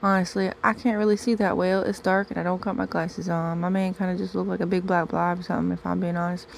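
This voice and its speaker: Woman storyteller, put-on twang, playful deadpan comic reading, faint hiss behind. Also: on the low side, quick pace, gravelly.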